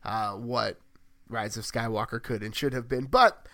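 A man co-hosting a podcast in casual chat, rambling and correcting himself as he thinks out loud. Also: medium pitch, steady tone, unhurried, no room sound. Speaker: podcast co-host.

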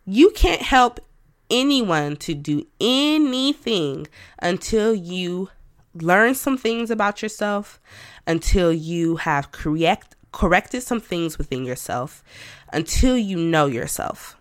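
This podcast host talks slowly and animatedly in a lowish voice, recorded in a studio with no echo. She muses candidly about herself in a personal monologue, pausing for asides to herself and little laughs.

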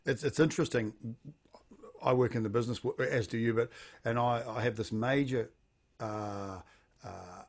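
A man with a New Zealand accent hosts a business podcast. He asks long, loosely built questions, restarting as he goes, in a casual and frank way. His voice sits at an ordinary middle pitch. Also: moderate pace. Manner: rambling, informal questioning with restarts. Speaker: podcast host. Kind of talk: conversational interview.

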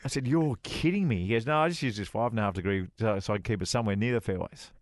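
A middle-aged man spins a lively yarn on a casual radio chat show, jumping into other people's voices as he quotes them. His voice sits at an ordinary pitch and sounds dry and close, with no room around it. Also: rapid-fire, no echo. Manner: animated anecdote-teller, voices other people. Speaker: co-host, former touring golf pro.

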